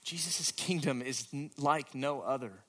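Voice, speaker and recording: A man preaching a sermon with a dramatic delivery that moves between hushed, quiet moments and emphatic, louder questions. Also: mid-range voice, a little slow. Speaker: pastor.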